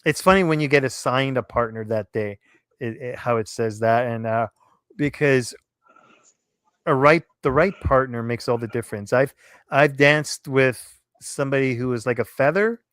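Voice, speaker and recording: A man with a smooth, clear voice spins lively anecdotes in casual talk, breaking into quick little impressions. The recording is dry and close to the mic. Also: medium pitch, no room sound. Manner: animated storyteller, playful impressions. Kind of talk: casual chat, personal stories.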